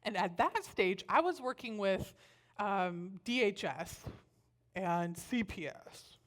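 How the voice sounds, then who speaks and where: Speaking slowly at medium pitch, a woman gives a lively storytelling talk at a church, voicing the people she quotes as she recounts personal experiences.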